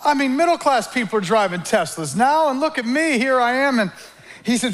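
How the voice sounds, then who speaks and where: A man preaching a sermon, calling on the congregation to repeat words and acting out quick inner dialogues. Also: very high voice. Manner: animated preaching with call-and-response and acted-out inner dialogues. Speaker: pastor.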